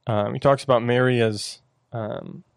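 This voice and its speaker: An earnest man chatting about his faith on a talk show. His voice sits at an ordinary pitch, and he often stops and restarts mid-sentence. The sound is dry and close, with no room around it. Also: fairly even intonation, creaky, clean tone, dry recording. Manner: earnest, halting with many restarts. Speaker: podcast co-host. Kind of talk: casual faith discussion.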